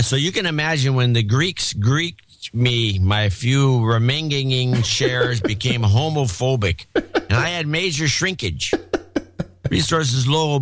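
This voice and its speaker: A man reading a listener's note in the voice of a tipsy, rambling male donor, slurring and halting through it. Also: medium pitch, fairly bright tone, no echo, natural voice.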